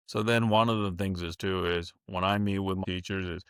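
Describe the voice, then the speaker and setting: A plain-spoken man who leads a school district talks through an interview in a relaxed, folksy way. His voice sits fairly low, and he often slips into quoted back-and-forth exchanges. The sound is dry and close. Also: brisk, few pauses, clean tone, no room sound. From California. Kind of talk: casual interview talk.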